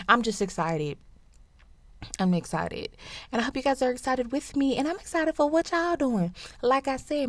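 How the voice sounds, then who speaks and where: A woman's voice: medium pitch, dry recording. A young woman hosting her own podcast in a casual, playful chat, speaking straight to her listeners and jumping between tangents. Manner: animated, playful, talks to listeners directly, quick tangents. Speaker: podcast host.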